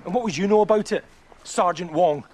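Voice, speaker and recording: A man's voice: sits high, brisk, background noise, lightly acted. A man with a Scottish accent playing a bitter, resentful male constable, curt and defensive. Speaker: police constable.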